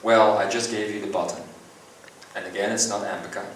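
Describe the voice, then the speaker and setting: A man giving a live spiritual seminar talk, earnest and slow, with long pauses between phrases. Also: on the low side, fairly even intonation, a little hiss or hum. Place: seminar hall. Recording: echoey hall recorded from far off.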